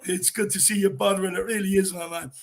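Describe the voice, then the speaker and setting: A man with an Irish accent co-hosting a fan show, chatting casually and reading out viewer comments with shout-outs. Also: sits high, steady tone, fast, gravelly. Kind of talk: casual live-stream chat.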